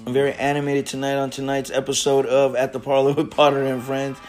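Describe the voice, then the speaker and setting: A man hosting a casual reaction chat from a garage, loud and profane, breaking into shouts and laughter. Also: medium pitch, monotone, a little fast. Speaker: host of a smoking stream show.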